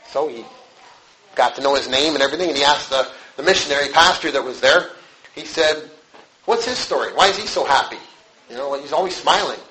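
Bright-voiced man preaching a casual sermon. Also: medium pitch, a little hiss or hum, poor audio. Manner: conversational, acts out quotes with animated voices.

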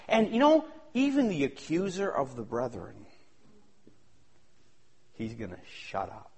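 A male pastor preaching a sermon, swinging between shouted excitement and hushed asides. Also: medium pitch, a little slow, breathy edge.

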